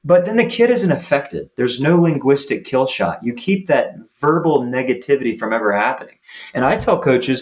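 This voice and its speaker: A man's voice: mid-range voice, normal speed. A man, a youth soccer coach, speaking as a podcast guest and acting out what coaches and players say. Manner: animated storytelling, acts out coach and player lines. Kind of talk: podcast interview.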